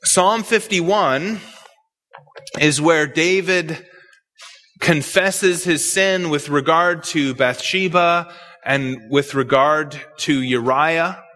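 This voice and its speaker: A man preaching an expository sermon, emphatic and measured, with repetitions. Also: a little high, bright, forceful tone, in a large hall, a little hiss or hum.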